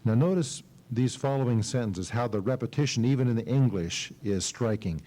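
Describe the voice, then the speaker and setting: A man's voice: mid-range voice, expressive, normal speed, hardly any pauses, warm tone, rough recording. A middle-aged male pastor preaching an expository sermon at a church service, reading scripture dramatically and asking his class questions.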